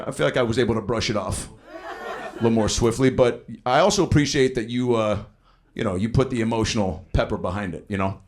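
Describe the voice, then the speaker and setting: A man in his thirties doing improvised stand-up in a comedy club, telling loose, profane stories and working the crowd. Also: medium pitch. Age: 30s. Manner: loose, profane storytelling with lively voiced quotes. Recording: live club with crowd laughter. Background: audience laughing.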